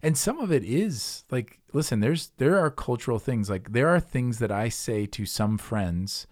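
A man's voice: medium pitch, lively intonation, a little slow, dry recording, clean studio sound. A man co-hosting a podcast, talking about faith in an earnest, reflective way and telling stories as he goes. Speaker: podcast co-host. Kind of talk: casual faith discussion.

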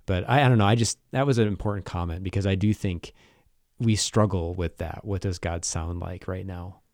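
A man's voice: sits low, moderate pace, darkish tone, no echo, studio quality. A man co-hosting a podcast, discussing faith in a thoughtful, questioning way. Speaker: podcast co-host.

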